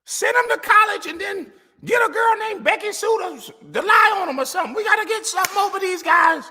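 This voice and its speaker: A man's voice: very high-pitched, lively intonation, a little fast, bright, forceful tone, shouting, pitched above the performer's own voice, exaggerated voice. A man putting on a blustering middle-aged football traditionalist who hollers a frantic, squealing rant.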